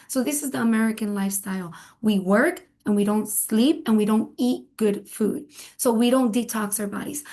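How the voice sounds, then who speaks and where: A woman's voice: medium pitch, dark tone. A woman who is a wellness clinic doctor, a guest answering interview questions and explaining through repetition and everyday comparisons.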